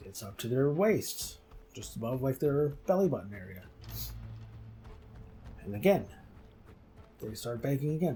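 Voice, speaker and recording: A man's voice: medium pitch, expressive, a little slow, pauses often, dark tone. A man hosting a game video, casually retelling a myth with lots of fillers. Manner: rambling, many fillers. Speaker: gaming channel host.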